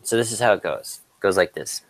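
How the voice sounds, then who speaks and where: A man in casual chat, laid-back, chuckling often and telling jokes with a slow build-up. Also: fairly low pitch, dry recording, rough recording.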